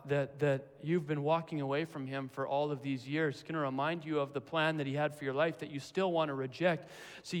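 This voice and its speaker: A male preacher with a fairly high voice delivers an earnest, emphatic sermon. He hammers his points home by repeating the same phrases. His voice rings out with a long reverb, as if in a large hall.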